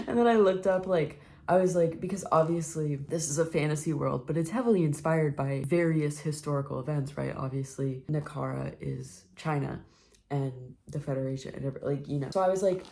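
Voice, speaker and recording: A woman filming a casual reading vlog, reacting live to a book, jumping between hushed asides and loud, swearing outbursts. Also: sits low, brisk. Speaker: book vlogger.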